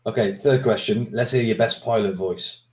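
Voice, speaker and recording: A man's voice: on the low side, moderate pace, darkish tone. A man in a casual gaming chat, joking around and firing off questions. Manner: jokey, fires off questions. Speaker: co-host.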